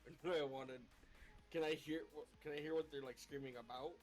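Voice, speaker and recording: A man's voice: fairly high pitch, fairly even intonation, fairly quick, soft background music. A man playing a tabletop game, hesitant and thinking aloud about his moves. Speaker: player.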